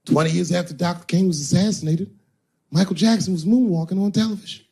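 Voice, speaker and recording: A man's voice: high-pitched, quick pace, vocal fry, darkish tone. A middle-aged man performing a stand-up comedy set, telling profane stories with sudden bursts of emphasis.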